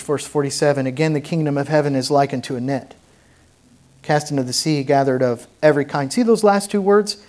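High-voiced preacher, fervent. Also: male voice. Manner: preaching with rising intensity, conversational asides. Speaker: pastor. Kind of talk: sermon. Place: church sanctuary.

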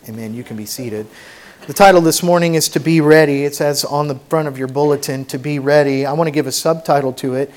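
A man's voice: on the high side, a little fast, a little mellow. A man preaching a sermon as pastor, reading scripture aloud and then telling a story in plain, earnest words. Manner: reads scripture in old-fashioned wording, then explains it plainly.

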